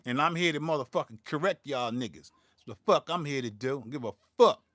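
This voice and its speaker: A man's voice: mid-range voice, expressive, a little fast, fairly bright tone, no echo. A man, hosting his own beatmaking channel and ranting in a profane, heated way, stumbling and repeating words as he gets worked up. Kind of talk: livestream rant.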